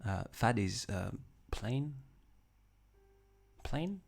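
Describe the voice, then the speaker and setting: Extremely slow and sing-song, his mid-range voice has a gravelly edge, and faint music plays in the background. He's a livestream host whose first language is French, chatting loosely, reading viewer comments, and restarting sentences as he goes.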